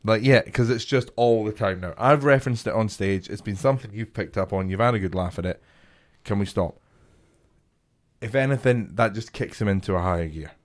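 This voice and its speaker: A young man co-hosting a podcast, telling an animated story in casual chat, swearing freely and acting out the people he quotes. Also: lowish voice, fairly quick. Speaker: podcast co-host, comedian.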